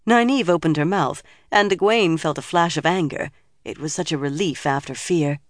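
A man narrating an audiobook in steady storytelling. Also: on the high side, moderate pace, no echo, studio quality. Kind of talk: scripted narration.

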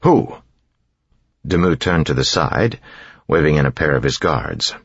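A man narrates an audiobook in a very deep, husky voice. His reading is steady and even. The recording is dry and slightly muffled. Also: moderate pace, no echo.

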